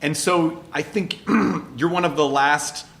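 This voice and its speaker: A man's voice: fairly high pitch, fairly even intonation, unhurried, a bit bright. A man hosting a podcast in casual chat, rambling through anecdotes, swearing and acting out quotes. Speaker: podcast host.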